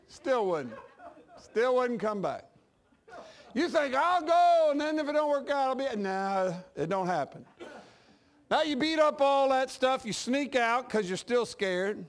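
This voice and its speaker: A man's voice: extremely high pitch, big pitch swings, measured pace. A male pastor preaching a sermon, telling folksy stories and acting out the dialogue. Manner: folksy storytelling preacher, acts out dialogue, laughs at his own jokes.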